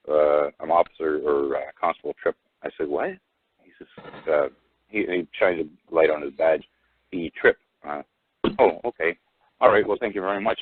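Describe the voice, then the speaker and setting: A man telling a rambling personal story over the phone, halting with many restarts and fillers. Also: extremely low pitch, husky, dry recording. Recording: tinny phone line, dry.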